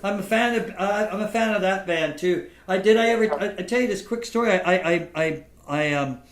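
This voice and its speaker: A male podcast host chats and tells stories, halting and repeating himself, laughing often. His voice sits a bit high, and the room gives it a noticeable echo. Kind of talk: casual interview chat and storytelling.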